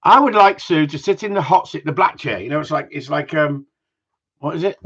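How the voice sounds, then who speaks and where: A teasing man chats away on a casual live stream, rambling from one joke to the next. His voice is slightly husky, and the sound is dull and lo-fi. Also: a little high, expressive, fairly quick, a bit bright. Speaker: host of a live gundog Q&A stream. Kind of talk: casual banter with live viewers. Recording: dull lo-fi livestream audio.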